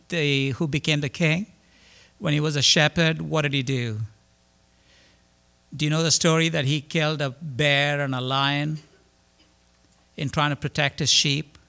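Male preacher, somewhat high voice, bright tone, emphatic sermon, repeats words, questions the listeners. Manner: rises to emphatic, loud declarations then drops low.

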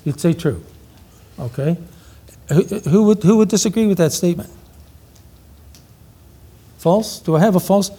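A middle-aged man teaching an audience in an energetic, interactive sermon, firing questions at the crowd. His voice sits fairly high for a man, with a mellow, dark tone. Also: a little slow, long pauses, husky. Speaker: preacher, evangelism teacher.

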